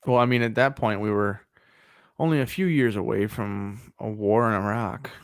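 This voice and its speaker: A man's voice: lowish voice, moderate pace, dry recording, studio quality. A man co-hosting a podcast in casual banter, sarcastic and opinionated. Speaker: podcast co-host.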